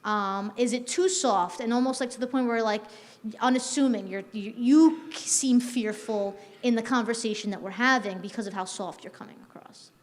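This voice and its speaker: A woman leading a staff training session in a conversational way, often checking in with "right?" and pausing on "um". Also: on the high side, in a large hall. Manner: frequent "um" fillers and restarts. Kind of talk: workplace training talk.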